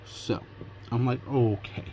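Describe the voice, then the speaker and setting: A man's voice: medium pitch, steady tone, slow, dark tone, a little hiss or hum. A man vlogging casually from Pennsylvania, retelling his day through quoted back-and-forth conversations. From Pennsylvania, USA. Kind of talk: casual storytelling vlog.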